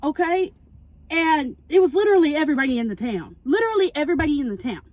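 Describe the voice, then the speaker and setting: A young woman vlogger in her parked car, recapping a movie plot in an animated, chatty way while she eats, and she keeps checking in with "okay?". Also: sits high, quick pace, no echo. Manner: talking while eating.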